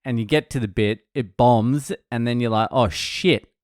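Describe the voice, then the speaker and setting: A stand-up comedian recounting gigs in a casual monologue, blunt and self-mocking, swearing freely. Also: male voice, mid-range voice, steady tone, normal speed, darkish tone, smooth, no echo, clean studio sound.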